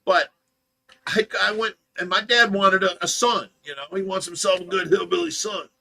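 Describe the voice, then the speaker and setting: High, bright-voiced man telling a story. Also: moderate pace, gravelly. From United States. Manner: animated storyteller, acts out voices and sounds. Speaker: livestream host of a fish rescue. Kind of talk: casual storytelling on a livestream.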